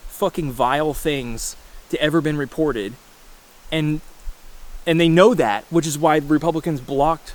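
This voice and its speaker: A man in his thirties giving a casual, rambling rant to camera, blunt and full of swearing, with frequent restarts. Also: a little high. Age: 30s. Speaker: vlogger. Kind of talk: casual ranting monologue.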